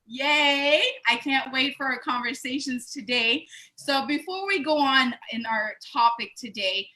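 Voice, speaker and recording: A woman's voice: high voice, a little slow, bright, forceful tone. A woman in her thirties hosting a casual live video chat, bubbly and enthusiastic, laughing often. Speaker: host.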